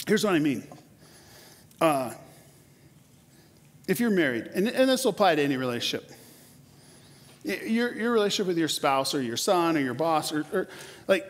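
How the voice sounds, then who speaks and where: A man in his forties preaching a sermon in a church, conversational and animated, often repeating words as he starts a sentence. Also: high-pitched. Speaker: pastor. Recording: long hall reverb.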